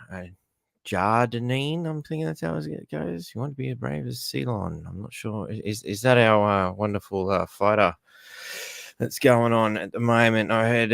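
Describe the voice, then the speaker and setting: A man's voice: mid-range voice, vocal fry, a bit bright, no room sound, clean studio sound. An Australian man hosting a casual live stream from home, chatting loosely and greeting viewers by name. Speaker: livestream host.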